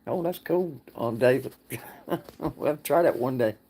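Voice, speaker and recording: A man's voice: mid-range voice, moderate pace, warm tone, breathy edge. A man talks in a casual livestream chat. He rambles in a folksy way, answering viewers and laughing often. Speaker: livestream host.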